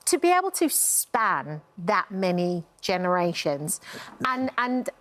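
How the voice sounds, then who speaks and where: A woman's voice: lowish voice, very animated, takes it slowly, fairly bright tone. A woman co-hosting a morning TV show, adding brief supportive interjections in a casual interview. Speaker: morning TV co-host.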